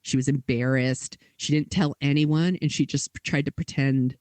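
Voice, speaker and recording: A woman's voice: very deep voice, fairly even intonation, moderate pace, a little mellow, dry recording. A woman co-hosting a podcast, telling a story in casual chat with lots of "like" and quoted dialogue. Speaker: podcast co-host.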